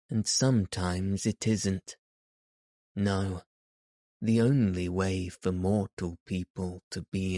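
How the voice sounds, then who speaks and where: A man's voice: lowish voice, darkish tone, no echo. A man voicing a small, proud and touchy male elf in a storybook reading, with a dry voice.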